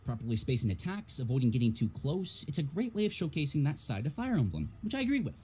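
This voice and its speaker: A man's voice: mid-range voice, very animated, fast, warm tone, breathy edge. A man reading a prepared game critique aloud on a stream, losing his voice, stressing key words and tripping over a few.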